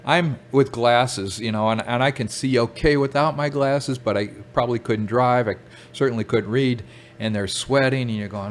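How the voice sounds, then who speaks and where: A man's voice: medium pitch, normal speed, slight background noise. An older American man, a rainbowfish collector, telling rambling field stories in a casual podcast chat, with many restarts and chuckles. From United States.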